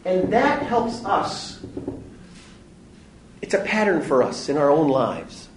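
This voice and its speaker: A man giving a parish Bible study talk, animated and joking, acting out little voices in his stories. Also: on the high side, slow, reverberant, noisy background. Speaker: parish teacher. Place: parish hall or church.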